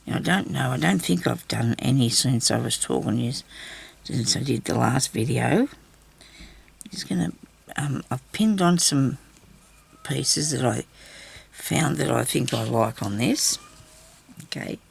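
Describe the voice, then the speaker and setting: Her voice is a rumbling low one with lively intonation, a measured pace, creak, and a breathy edge. The Australian craft vlogger rambles and chats to herself as she sews indoors at home, captured very close on the camera mic.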